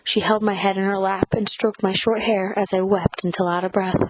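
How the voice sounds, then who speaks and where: A woman narrating a first-person audiobook in a measured, reflective reading style. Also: mid-range voice, little pitch movement, background noise.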